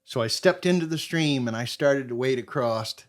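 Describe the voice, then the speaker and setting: Middle-aged man, from Maine, podcast guest, lively hunting story, acts out the quotes. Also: mid-range voice, moderate pace.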